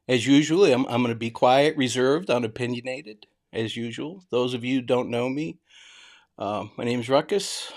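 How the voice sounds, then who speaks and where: A man's voice: mid-range voice, vocal fry. A retired man with a Boston accent who drops his R's, hosting a live stream in a chatty way and greeting viewers by name. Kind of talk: casual live-stream commentary.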